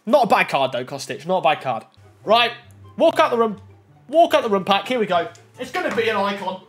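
Excitable young man, animated commentary. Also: high-pitched, fairly quick, faint music behind. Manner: excitable, yelps and pleads at pack reveals. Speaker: gaming YouTuber. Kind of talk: casual gameplay commentary.

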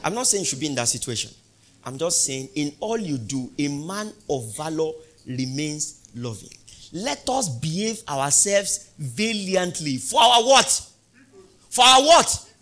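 Male pastor, sermon delivery, slightly high voice, call-and-response, emphatic crescendos. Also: lively intonation, faint music behind. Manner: call-and-response preaching, rising to loud emphatic peaks; repeats questions to the congregation, drawn-out emphasis.

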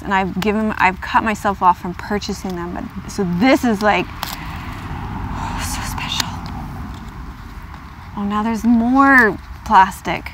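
A woman host chatting casually in her vlog as she unboxes gifts in a car, gushing and gasping with excitement. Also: medium pitch, a little hiss or hum. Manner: gushing, excitable, gasps and squeals with delight. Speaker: yoga vlogger.

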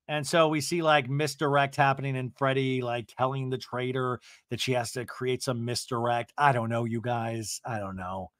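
A man hosting a podcast, recapping an episode with animated, sarcastic storytelling. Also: medium pitch, normal speed, few pauses, no room sound, clean studio sound. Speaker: podcast host.

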